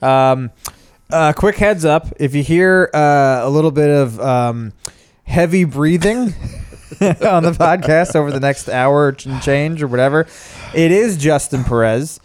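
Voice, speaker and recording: A man's voice: a little high, unhurried, clean tone, no room sound, clean studio sound. A man co-hosting a podcast, chatting casually and joking with fillers and asides. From Italian heritage. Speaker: podcast co-host.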